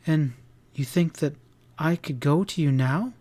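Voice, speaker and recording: A man voicing an upset, indignant young woman in a classic western audiobook, with a breathy, trembling delivery. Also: on the high side, a little slow, a little mellow.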